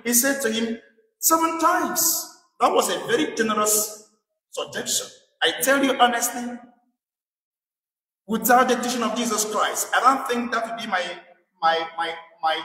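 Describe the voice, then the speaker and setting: High-voiced preacher in an echoey church. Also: male voice, sharp tone, far from the mic. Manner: emphatic, repeating rhetorical questions. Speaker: priest. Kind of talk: sermon. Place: church in England.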